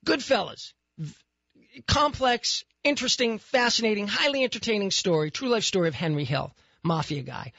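A man hosting a talk radio show, telling a story in an animated, exasperated way. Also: sits high, dry recording, lo-fi sound. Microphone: studio microphone.

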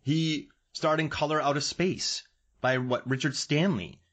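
A man's voice: on the high side, fairly even intonation, a bit bright. A man hosting a podcast, chatting casually and enthusiastically about movies. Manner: enthusiastic, fast-riffing movie talk. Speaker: podcast host.

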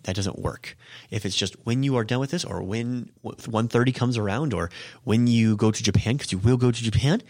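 A man's voice: on the low side, no echo, studio quality. A man hosting a podcast language lesson, explaining Japanese grammar casually with frequent ums and self-corrections. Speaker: host and Japanese teacher.

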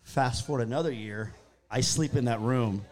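A man's voice: medium pitch, normal speed, a loud crowd. A man, casually telling spooky stories and acting out what people said. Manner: animated storyteller acting out his own quotes. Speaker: guest storyteller. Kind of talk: casual ghost-story chat.

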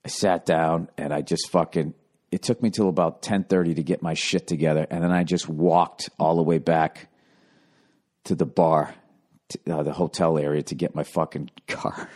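A man hosting a podcast alone, telling a long story in a rambling, swearing way and now and then jumping up into high, mocking impressions of other people. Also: level tone, normal speed, darkish tone. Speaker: podcast host. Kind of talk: casual storytelling monologue.

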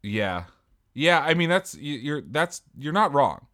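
Smooth-voiced man, wry podcast co-host. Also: fairly high pitch, very animated, unhurried, a bit bright. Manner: wry, joking interjections. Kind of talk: casual chat.

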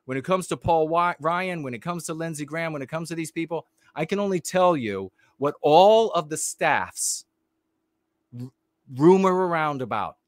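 Man, political commentator, ranting livestream, blunt and heated, stop-start delivery with fillers, fairly high voice, dry close sound. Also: lively intonation, normal speed, dry recording.

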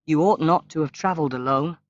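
A man's voice: a little high, a little fast, no room sound, voice pushed up, close to an everyday voice. A man doing a worried young son. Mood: anxious. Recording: dull, lo-fi, dry recording.

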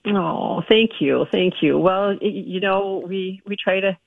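A woman doctor joining a radio show by phone, sounding gracious and appreciative. Her mid-pitched voice comes through a thin, tinny phone line and sounds dry and close. She keeps a warm but plain conversational pace. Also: a little slow, creaky, no room sound. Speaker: guest doctor. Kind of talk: casual chat. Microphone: telephone.

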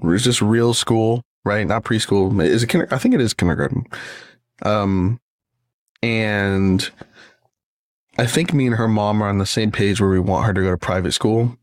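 A man with a very low voice talks casually and at length as a parent. He rambles, swears freely and restarts his sentences often. The recording is dry and close. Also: moderate pace, no room sound. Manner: rambling, profane, many restarts. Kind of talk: casual monologue.

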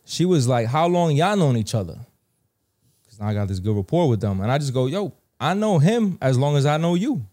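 A man's voice: a little high, moderate pace. Slangy new york man telling a story. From New York (Bronx). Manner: slangy, animated, acts out dialogue. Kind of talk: casual storytelling.

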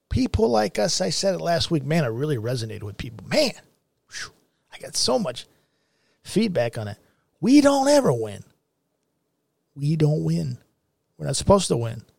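A man's voice: fairly high pitch, gravelly, darkish tone, dry recording, studio quality. A middle-aged man hosting a commentary show, ranting in a blunt, profane and heated way. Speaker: show host.

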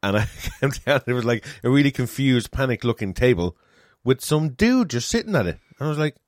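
A man's voice: mid-range voice, brisk, no echo, studio quality. A man in casual chat, telling a story and acting out the other people's lines. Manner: animated storytelling, acts out customers' lines. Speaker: restaurant manager telling stories.

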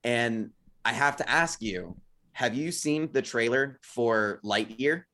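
A man's voice: mid-range voice, lively intonation, takes it slowly, pushed and bright. A man in his thirties co-hosting a podcast, telling a story in casual chat, full of "like" and restarts. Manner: rambling storyteller, many fillers like "like". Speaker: podcast co-host.

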